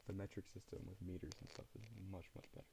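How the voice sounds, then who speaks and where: A tired young man from Utah, streaming late at night and chatting casually with viewers in a relaxed, rambling way. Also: deep voice, quick pace, noisy background. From Utah, USA. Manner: relaxed, rambling, laughs often.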